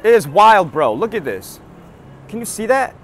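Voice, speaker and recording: This hungover host's voice is high-pitched and sing-song with a fairly bright tone, moving at a moderate pace. He's out on a nighttime city street, faint traffic audible, riffing crudely and brashly for his comedy podcast.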